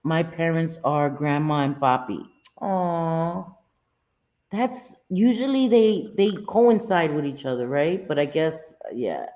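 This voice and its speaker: A woman's voice: sits low, animated, takes it slowly, mellow, dull audio. A middle-aged woman hosting a casual live chat, talking in a loose, chatty way and often laughing. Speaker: livestream host.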